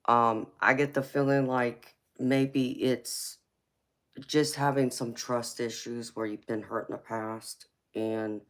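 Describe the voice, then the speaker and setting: A woman with a Southern US accent doing a chatty live-stream tarot reading, speaking in a relaxed drawl and calling her viewers y'all. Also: a bass voice. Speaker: tarot reader.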